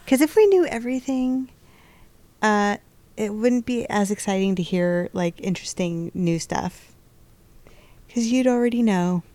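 A woman's voice: mid-range voice, lively intonation, unhurried, long pauses, warm tone, dry recording. A woman guesting on a podcast in casual chat, chatty and rambling.

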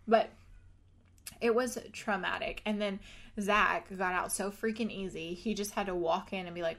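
A woman's voice: mid-range voice, normal speed, vocal fry, a bit bright. A woman in her twenties hosts a casual podcast chat in a mid-range voice. She tells her story animatedly, laughing often and slipping into the voices of the people she quotes. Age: 20s. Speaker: podcast host.

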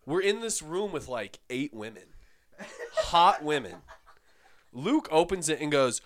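A young man in casual chat, telling an animated story and swearing freely. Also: a little high, measured pace, long pauses, no room sound.

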